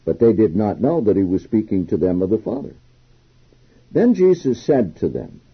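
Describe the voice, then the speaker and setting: A man's voice: fairly low pitch, big pitch swings, normal speed, muffled recording. A man preaching a sermon, reading scripture verses aloud and explaining them, lifting his voice emphatically on the quotes. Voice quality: very husky. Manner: reads scripture aloud then comments, rising emphatically on quotes. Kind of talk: sermon, Bible exposition.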